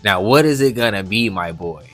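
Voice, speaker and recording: A man's voice: lowish voice, expressive, moderate pace, fairly bright tone, soft background music. A man voicing a cocky young male hunter hero who talks in swaggering slang.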